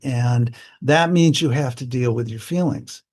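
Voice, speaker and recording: Older male psychologist guest, plain-spoken and reflective, mid-pitched voice, unhurried interview talk. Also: a little mellow. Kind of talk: conversational interview.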